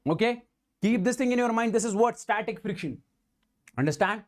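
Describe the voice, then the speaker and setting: In a live online exam-prep session, a male physics teacher speaks at normal speed in a high-pitched, lively voice over slight background noise. Rhetorical questions come often, he echoes students' replies to himself, and emphatic affirmations recur again and again.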